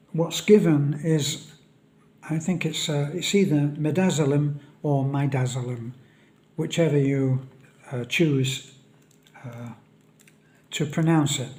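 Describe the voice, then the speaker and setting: A man speaking a solemn, halting vlog monologue on a death in a friend's family. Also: on the high side, a little mellow. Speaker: vlogger. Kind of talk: reflective monologue.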